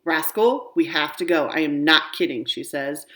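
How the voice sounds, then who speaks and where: A woman reading aloud, voicing a hurried, exasperated mother who scolds her daughter firmly. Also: low voice, a bit bright. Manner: firm and scolding.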